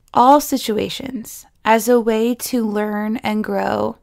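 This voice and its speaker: A lively woman with a slightly high voice talks through a relaxed spoken lesson. She is chatty, laughs often and drops into playful voices to quote people. The recording is close and dry. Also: dry recording. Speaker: yoga teacher and podcast host.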